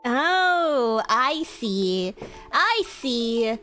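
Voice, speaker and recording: Slow, high-voiced giggly woman streamer. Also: faint music behind. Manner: hesitant, giggly, full of fillers. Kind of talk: improvised role-play with a chatbot.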